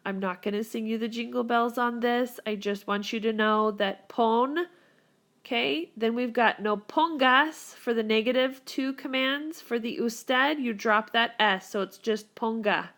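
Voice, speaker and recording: A woman's voice: fairly high pitch, a little slow, a bit bright. A woman teacher recording a whiteboard grammar lesson for her students, upbeat and encouraging as she walks them through the rules. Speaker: Spanish teacher.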